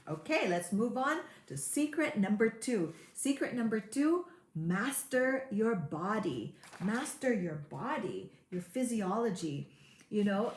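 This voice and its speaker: A woman coach talks through a motivational webinar in an earnest, steady way, repeating key words to drive them home. Her voice sits at a middle pitch. The sound carries a noticeable room echo. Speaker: high performance coach. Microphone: webinar mic.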